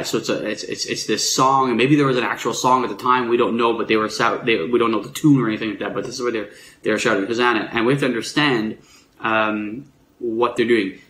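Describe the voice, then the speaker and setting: A man's voice: medium pitch, sharp tone, a little hiss or hum. Man preaching conversationally in an echoey room. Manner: conversational, explanatory, with frequent fillers and restarts. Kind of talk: sermon.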